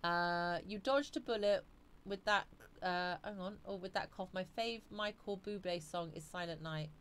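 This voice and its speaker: A woman's voice: lowish voice, normal speed, clear, resonant tone. A woman hosting a live stream, chatting casually and reading viewer comments aloud.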